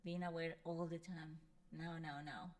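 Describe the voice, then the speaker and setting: A woman hosting a casual conversation, reflective and repeating phrases softly. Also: low-pitched, flat delivery, moderate pace. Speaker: host.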